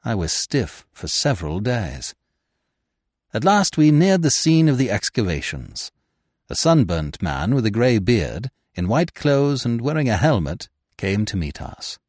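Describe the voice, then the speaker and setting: A man narrating a classic story with an expressive, dramatic reading. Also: lowish voice, unhurried, no room sound, studio quality. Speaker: podcast narrator. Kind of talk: scripted audiobook narration.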